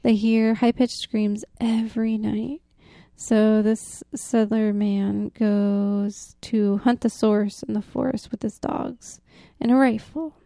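Slow, gravelly woman telling spooky folklore. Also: mid-range voice, level tone, dry recording, studio quality. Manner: drops to a hushed whisper for the spooky parts; giggly, easily laughs. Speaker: podcast co-host. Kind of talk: casual folklore storytelling.

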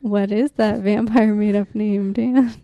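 A woman co-hosting a podcast, casually telling a folklore story, often dropping to a hushed whisper and laughing easily. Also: medium pitch, steady tone, a little slow, dry recording, dull audio. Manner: drops to a hushed whisper for the spooky parts. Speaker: podcast co-host.

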